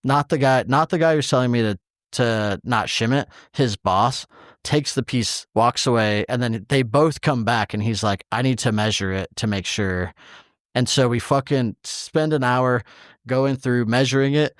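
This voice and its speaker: A man's voice: mid-range voice, no room sound, studio quality. A man co-hosting a podcast in casual chat, telling an exasperated story with heavy swearing and acting out the quoted exchanges. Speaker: podcast co-host.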